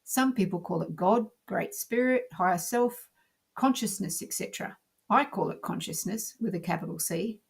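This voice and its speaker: A woman teacher calmly narrating a scripted lesson in a measured, explanatory way. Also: mid-range voice, gravelly, slightly rough.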